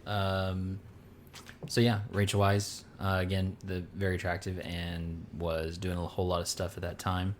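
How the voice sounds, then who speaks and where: A man's voice: deep voice, completely flat delivery, moderate pace, slight background noise. A man co-hosting a podcast, chatting casually and rambling as he searches for names. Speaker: podcast co-host. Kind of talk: casual chat.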